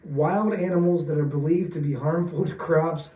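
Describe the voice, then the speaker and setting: High-voiced man, loose and laughing. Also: fairly even intonation, normal speed, dark tone. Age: 40s. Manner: laughing, loose, lots of 'like' fillers. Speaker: podcast co-host. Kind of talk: casual chat. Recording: roomy sound, distant mic, faint noise.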